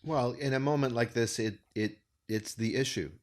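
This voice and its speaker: A man's voice: medium pitch, moderate pace. A man co-hosting a casual political podcast, speaking passionately and articulately, often repeating words as he builds a point. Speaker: podcast co-host.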